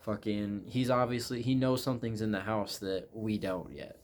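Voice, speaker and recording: A man's voice: on the low side, moderate pace, slight background noise. A man giving a rambling, casual spoiler recap of a movie, swearing often and restarting his sentences. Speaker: movie reviewer.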